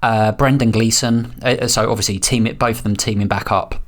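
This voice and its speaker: A man's voice: on the low side, fairly even intonation, moderate pace. Rambling male podcast co-host. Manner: chatty, rambling with fillers. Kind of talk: casual chat.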